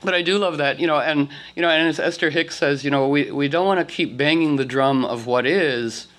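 Man, group talk leader, slightly high voice, rambly, laughs a lot. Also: fairly quick, fairly bright tone. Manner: rambling, full of "you know" and restarts, laughing. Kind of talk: casual talk to an online group.

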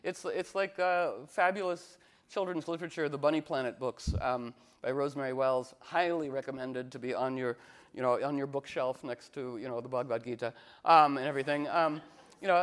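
A man teaching astrology in a casual talk, rambling with many fillers and restarts, acting out quoted voices with sudden jumps in pitch. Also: a little fast.

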